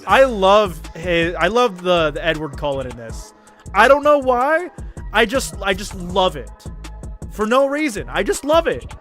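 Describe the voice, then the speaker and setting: A man's voice: sits high, big pitch swings, a little slow, fairly bright tone, soft background music. A young man casually reacting on a live stream, rambling and enthusiastic, repeating himself.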